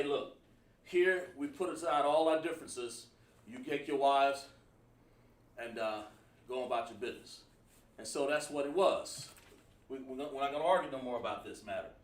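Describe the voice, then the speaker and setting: A man gives a classroom lesson, patiently explaining and repeating words with frequent "uh" fillers. His voice sits a bit high for a man. It is picked up from across an echoey room. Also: recorded from a distance. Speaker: teacher. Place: classroom with a board.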